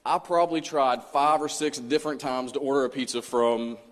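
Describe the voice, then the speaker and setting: A man's voice: mid-range voice, steady tone, normal speed. A man preaching a mini sermon in a church, telling a personal story in an earnest, conversational way. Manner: conversational, earnest, acts out his own past words. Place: church sanctuary. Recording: long church hall reverb.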